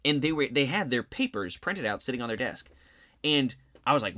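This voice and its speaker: A social studies teacher, a man, talks in an easy conversational way, with a slight Southeast Missouri twang. His voice has a bright, forward tone at a middle pitch. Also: big pitch swings, a little fast. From grew up all over as a military child. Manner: conversational, storytelling with asides. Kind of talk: casual conversation about teaching.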